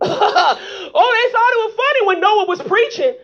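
Very high-voiced fervent woman preacher. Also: lively intonation, unhurried, fairly bright tone. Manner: fervent call-and-response, rhetorical "huh?". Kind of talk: sermon. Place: church. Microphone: handheld microphone. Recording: dull lo-fi recording.

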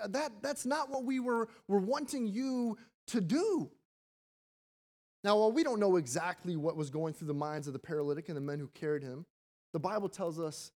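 Brief: pastor, sermon, chatty and animated, reads a passage then unpacks it. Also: mid-range voice. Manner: conversational, animated preaching with frequent repetitions; reads scripture aloud, then explains it.

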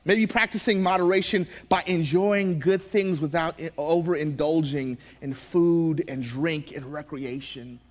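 A young man preaching a sermon to his church as pastor, animated, swinging from hushed asides to loud, excited bursts and laughing at himself. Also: fairly high pitch.

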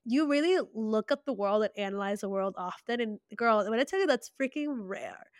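A young woman co-hosting a podcast, warm, encouraging and effusive in casual chat. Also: medium pitch, animated, brisk, smooth, no echo, clean studio sound. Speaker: podcast co-host.

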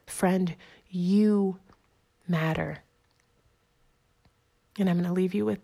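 A woman giving an earnest, encouraging motivational talk, repeating affirmations and slowing down for emphasis. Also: fairly low pitch, steady tone, gravelly, warm tone, breathy edge. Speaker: motivational speaker. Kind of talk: inspirational monologue.

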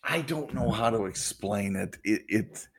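A man's voice: on the low side, expressive, unhurried, slightly rough. A man co-hosting a podcast in casual chat, easygoing and joking with frequent chuckles. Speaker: podcast co-host.

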